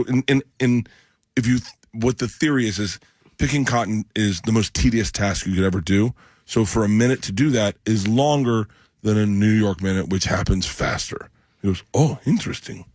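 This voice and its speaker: A man's voice: medium pitch, fairly quick, no room sound. A middle-aged man, a comedian guest in a radio studio, telling a funny story with laughs and acting out other people's voices. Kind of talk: animated storytelling.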